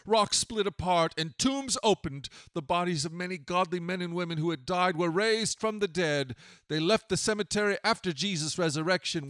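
A man reading scripture aloud and then preaching, in a solemn, measured way with dramatic swells. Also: on the high side, fairly bright tone, dry recording, clean studio sound.

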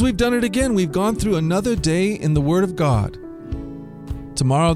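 A man hosting a daily Bible reading show for children, reading scripture and giving a short devotional, slowing down to stress key lines. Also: on the high side. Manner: expressive storyteller, slows down for emphasis.

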